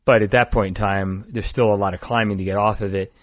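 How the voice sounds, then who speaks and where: A man's voice: lowish voice, fairly even intonation, fast, dry recording. An older man from the East Coast of the United States, a guest on a podcast, telling a long story in a matter-of-fact way. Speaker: guest, climbing gear company founder. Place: indoors across a table.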